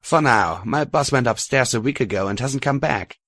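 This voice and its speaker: A man's voice: medium pitch, lively intonation, fairly bright tone, breathy edge, no room sound, pitched above the performer's own voice. A man voicing a nervous, twitchy stallion scientist in an audiobook of a pony story. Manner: nervous, hurried, defensive.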